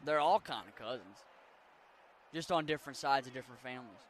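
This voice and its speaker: With a mid-range voice, lively intonation, and a brisk pace, a young man from Western Maryland chats casually with viewers while gaming. He rambles, swears freely, and speaks with a mixed Appalachian accent over slight background noise.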